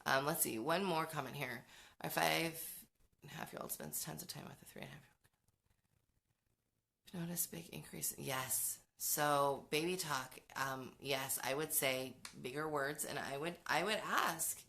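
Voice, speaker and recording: A woman's voice: low-pitched, measured pace, vocal fry, sharp tone. A middle-aged woman hosting a parenting show, giving frank, chatty advice in a casual talk with many fillers and restarts.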